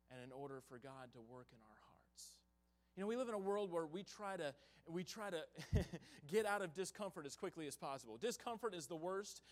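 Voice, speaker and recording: A man who is a traveling evangelist, preaching a sermon in a church in a folksy storytelling way, with loud bursts and hushed stretches. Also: high-pitched. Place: church sanctuary.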